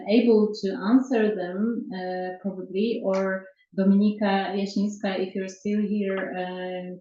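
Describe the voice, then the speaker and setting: A woman's voice: medium pitch, warm tone. A woman moderating a webinar question round, reading out questions with many hesitations, recorded in a roomy space with dull sound.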